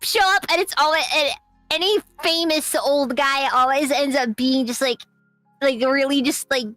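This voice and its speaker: A woman guest on a podcast chatting excitably, repeating herself and stumbling into jokes. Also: sits high, normal speed, dry recording, faint music behind. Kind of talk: casual chat.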